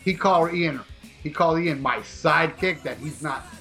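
Guy on a podcast ranting a story, swears a lot, sharp voice, a bit of music in the back. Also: a little high, moderate pace. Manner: animated, profane, rambling with restarts. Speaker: podcast co-host.

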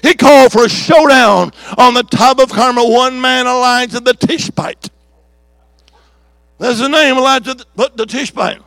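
Man evangelist, very high voice, dry close sound, fiery revival preacher who calls out to the congregation. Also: normal speed, vocal fry, no echo. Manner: fiery preaching with shouts and call-and-response; rhythmic repeated declarations. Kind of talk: revival sermon. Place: church service.

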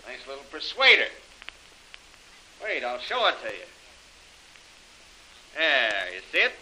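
A man's voice: mid-range voice, wildly swooping pitch, a little slow, pushed and bright, a little hiss or hum, full character voice, rough recording. An actor playing a menacing male villain in 1940s radio drama, talking in a threatening tough-guy manner.

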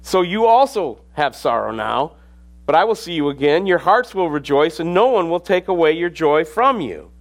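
A man's voice: fairly high pitch, big pitch swings, normal speed. A middle-aged man preaching a sermon as pastor, reading scripture aloud and rising to sudden emphasis.

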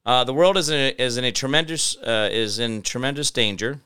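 Man, show host, casual live commentary, rambling and digressive, smooth resonant voice, mid pitch. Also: a little fast, sharp tone. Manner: rambling, digressive, talks to viewers and pets.

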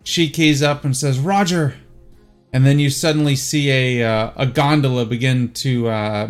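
A man with a Southern US accent runs a tabletop game in a laid-back, unhurried way, pausing often as he narrates. His voice sits in a middle range, with faint music playing behind him. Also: medium pitch. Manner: relaxed and easygoing, full of "uh" and "um" pauses. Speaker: game master.

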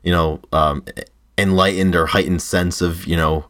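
Low-voiced man asking rambling questions. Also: steady tone, normal speed, fairly bright tone. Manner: rambling questions with many fillers. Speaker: podcast co-host. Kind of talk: casual podcast conversation.

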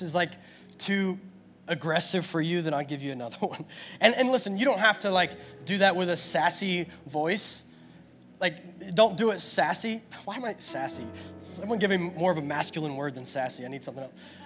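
A man's voice: high-pitched, normal speed, fairly bright tone, faint music behind. A man preaching a sermon at a church gathering in an earnest, repetitive style full of rhetorical questions. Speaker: pastor.

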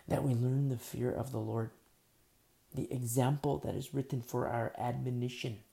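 A man delivers a sermon in a gravelly, low-toned voice with a mellow edge. He repeats his points insistently and moves between hushed, almost whispered lines and loud, forceful ones. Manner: emphatic and repetitive, dropping to near-whispers then rising loud. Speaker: preacher.

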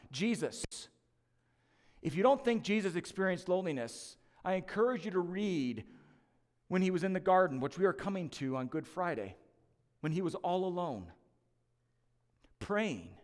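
A man's voice: high voice, big-room sound. A man preaching a sermon as lead pastor, conversational and emphatic, with joking asides to the church.

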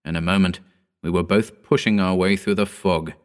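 A man narrating a horror story in a slow, grave, deliberate reading. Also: deep voice, fairly even intonation, clear, resonant tone.

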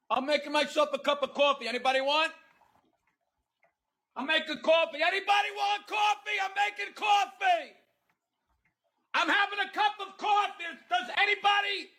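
A manic, high-pitched man playing a coffee-crazed fellow who shouts the same offer again and again. The voice is bright and piercing, with a wild, repetitive energy. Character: frantic man pushing coffee on everyone.

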